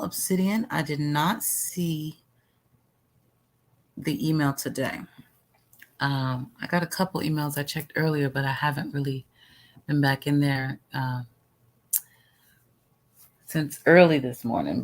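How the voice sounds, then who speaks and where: A livestream host in casual chat about a clip, talking to viewers by name. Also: mid-range voice. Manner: chatty, answers viewers by name.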